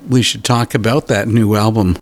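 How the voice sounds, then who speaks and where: Male interviewer, gravelly voice, dry close sound, short curious questions. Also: fairly low pitch, steady tone, normal speed, dry recording.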